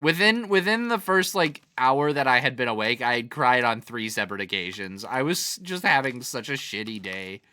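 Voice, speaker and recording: Bright-voiced, rambling, profane male streamer. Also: medium pitch, lively intonation, normal speed, hardly any pauses, clear, resonant tone. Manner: rambling, profane, laughs often, trails off; reads out chat comments. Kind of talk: casual chat while gaming.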